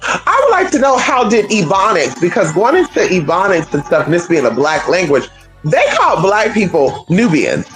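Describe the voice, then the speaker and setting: A livestream host ranting to viewers in an animated, rhetorical way, firing off question after question and swearing freely. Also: medium pitch, normal speed, soft background music, poor audio. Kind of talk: livestream rant.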